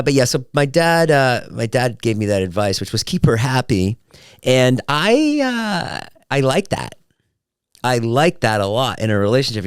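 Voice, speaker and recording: A man's voice: fairly low pitch, clean tone, no echo, clean studio sound. A man hosting his own podcast, chatting casually and acting out quotes as he tells stories. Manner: animated storyteller, acts out quotes. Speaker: podcast host. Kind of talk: casual solo podcast chat.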